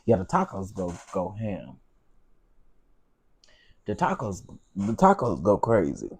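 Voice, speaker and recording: Lively husky man chatting on a livestream. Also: sits low, takes it slowly, no room sound. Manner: chatty, animated, Southern slang. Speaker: livestream host. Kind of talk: casual live-stream chat.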